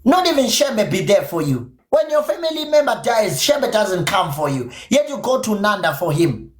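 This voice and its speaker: Speaking at a moderate pace in a high, sing-song voice, this native isiZulu speaker from South Africa, with a Zulu-inflected accent, rages at his podcast stream with confrontation and swearing. It's an angry livestream rant recorded in an echoey room.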